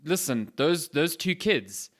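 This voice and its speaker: A man hosting a podcast in casual chat, animated and sweary, drifting into quiet asides. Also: a little high, slow pace. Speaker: podcast host.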